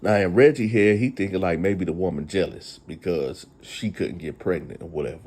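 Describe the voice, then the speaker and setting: A deep-voiced man, a little mellow and brisk, hosts a casual storytime retelling against slight background noise. He talks in a chatty way, aiming his words straight at his audience.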